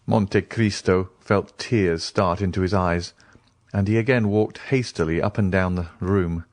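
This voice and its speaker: A man narrating an audiobook in an expressive storytelling manner. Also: deep voice, unhurried, dry recording. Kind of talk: scripted narration.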